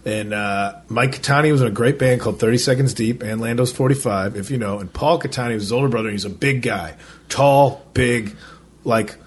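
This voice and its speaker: Speaking briskly in a mid-range voice, this man co-hosts a podcast and spins a laid-back, profane yarn packed with "like," voicing other people's lines as he goes. A little background noise is audible.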